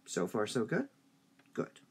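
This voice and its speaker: A man teaching a high school English review lesson, speaking slowly and deliberately and drawing out stressed syllables. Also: wildly swooping pitch, slightly rough.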